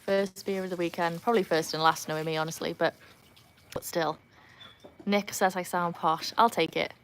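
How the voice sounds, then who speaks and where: A livestream host from North Wales, speaking with a Welsh accent in a fairly low, slightly bright voice, chats casually beside a backyard pool. She laughs often and talks to her dogs; the phone recording has a little hiss or hum.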